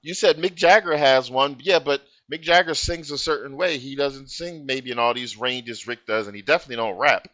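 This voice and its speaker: Guy pushing his point hard on a reaction vid, sharp bright voice, dull lo-fi sound. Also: medium pitch, normal speed, hardly any pauses. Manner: insistent, argues a point. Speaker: reaction channel co-host. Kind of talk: casual chat.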